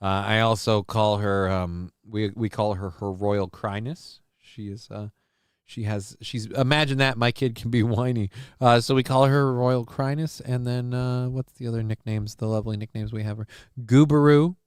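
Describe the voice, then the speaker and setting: A man's voice: fairly low pitch, fairly even intonation, normal speed, smooth, no echo, studio quality. A man hosting a solo live show, rambling through crude, joking commentary and talk about his daughter. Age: adult with a young child.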